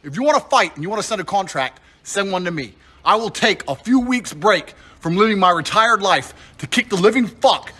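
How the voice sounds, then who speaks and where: A man hurls an aggressive, profane challenge, taunting his target. His voice is high and sharply forceful, with a tense edge throughout. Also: breathy edge. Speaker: internet personality. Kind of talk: confrontational callout rant.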